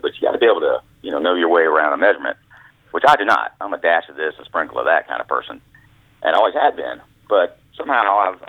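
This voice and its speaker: Over a tinny, dry phone line, a low-pitched man tells folksy, meandering stories with frequent restarts, with no echo. He's an author and former caddy appearing as a guest in a storytelling phone interview.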